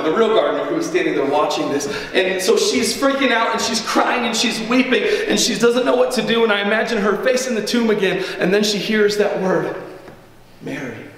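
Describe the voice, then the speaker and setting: A pastor delivers his sermon in an earnest, conversational way, often turning to the congregation with asides. His voice sits a little high for a man. The sound carries a long hall echo from a church sanctuary, and he stands some distance from the mic. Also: fast talker, hardly any pauses, fairly bright tone.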